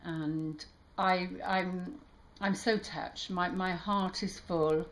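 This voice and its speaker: A woman tarot reader talking warmly to her viewers, halting and emotional, with many restarts. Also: lowish voice, steady tone. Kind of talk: casual heartfelt channel talk.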